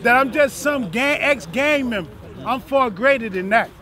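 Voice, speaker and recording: A man's voice: extremely high pitch, normal speed, bright, forceful tone. Preaching older Los man. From South Central Los Angeles. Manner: preaching, rhythmic repetition. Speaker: guest speaker. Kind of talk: outdoor speech to a crowd. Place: outdoor street gathering. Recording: crowd noise outdoors.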